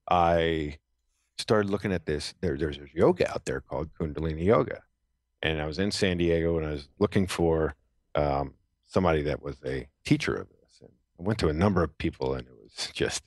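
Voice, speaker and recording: A man's voice: very deep voice, moderate pace, dry recording. A middle-aged man, a retired Navy SEAL, telling his story as a podcast guest in an earnest, reflective way with frequent restarts. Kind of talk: conversational storytelling.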